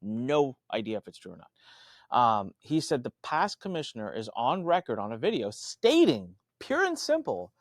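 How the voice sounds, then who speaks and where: A man in the middle of a podcast chat, explaining things at a conversational pace. His voice sits at an ordinary pitch, and the sound is dry and close. He jumps into other people's voices now and then as he tells his stories. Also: no echo. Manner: animated, acts out quoted voices with big pitch jumps. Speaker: podcast guest, marketing coach. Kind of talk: conversational storytelling.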